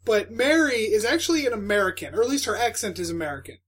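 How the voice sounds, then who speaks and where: High-voiced man teasing on a podcast. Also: animated, fast, a bit bright, breathy edge. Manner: teasing, dry banter. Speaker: podcast co-host. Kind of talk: casual chat.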